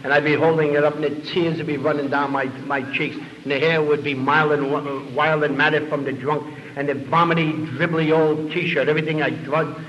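Animated New storyteller, lo-fi. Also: male voice, a little high, moderate pace, hardly any pauses. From New York City. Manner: animated, self-mocking storyteller. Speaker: speaker sharing his recovery story. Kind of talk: comic storytelling talk to an audience. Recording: dull lo-fi recording.

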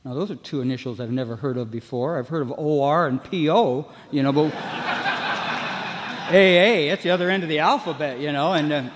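A man's voice: on the high side, fast, background noise. A man telling his own recovery story to a meeting, rambling with lots of "you know" and restarts, and acting out the voices of people he met. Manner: acts out other people's voices. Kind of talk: personal recovery story told to a room. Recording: long hall reverb.

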